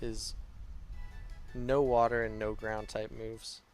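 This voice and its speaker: A man's voice: lowish voice, little pitch movement, slow, soft background music. A man giving live video game commentary, talking back to the game with pleading and groaning. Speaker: gaming streamer.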